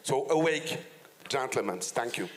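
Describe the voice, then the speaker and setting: A man's voice: medium pitch, expressive, measured pace. A man with a strong French accent, a native French speaker, giving an impassioned panel speech in broken English with restarts. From France. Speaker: conference panelist.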